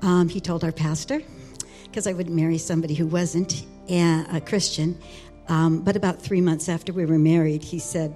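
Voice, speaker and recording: A woman in her sixties giving a personal testimony, earnest and halting, with many fillers and restarts. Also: on the low side, steady tone, warm tone, faint music behind. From Alaska. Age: 60s. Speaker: speaker sharing testimony.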